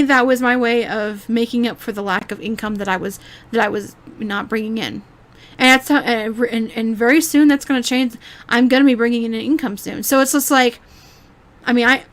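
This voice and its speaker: A woman YouTuber giving a rambling, exasperated reaction commentary, swearing freely and restarting her sentences often. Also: on the high side.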